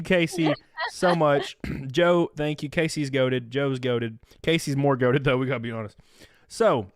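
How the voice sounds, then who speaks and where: A man in his thirties hosts a loose streamed chat in a fairly high, swinging voice that jumps around a lot. He swears freely and gets excitable, bursting into loud laughs. The sound is close and dry, with no room around it. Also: no echo. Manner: crude, excitable, laughs loudly, reads donation messages. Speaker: streamer host. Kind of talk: casual podcast chat.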